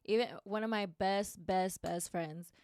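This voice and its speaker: A woman's voice: mid-range voice, steady tone, unhurried, darkish tone, smooth, dry recording, clean studio sound. A young adult woman chatting as a podcast guest, laid-back, swearing freely and laughing often. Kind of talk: casual chat.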